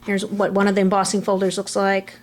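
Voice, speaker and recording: A middle-aged woman chatting casually through a scrapbook album, relaxed, trailing off between items, recorded on a camera mic at home. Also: medium pitch, fairly quick, slight background noise. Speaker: crafter showing a scrapbook album. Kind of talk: casual show-and-tell narration.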